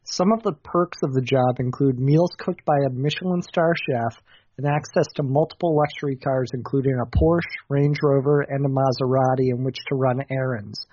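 A man's voice: mid-range voice, fairly even intonation, moderate pace, darkish tone, no room sound. A man hosting a comedy show, reading news stories in a matter-of-fact way with occasional stumbles. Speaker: host. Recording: dull lo-fi recording, dry.

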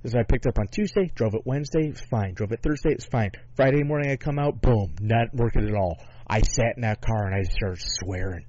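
A man with a lowish voice chats casually on a podcast. He tells stories in a rambling, profane way and often restarts his sentences. The recording sounds dull and lo-fi. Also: fairly quick, few pauses, darkish tone, no echo. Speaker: podcast co-host. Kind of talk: casual chat.

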